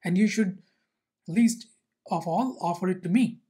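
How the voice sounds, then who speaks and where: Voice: medium pitch, measured pace, warm tone, breathy edge. A teacher voicing a strict, disciplined Zen monk who protests with rising offense while telling a story. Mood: indignant.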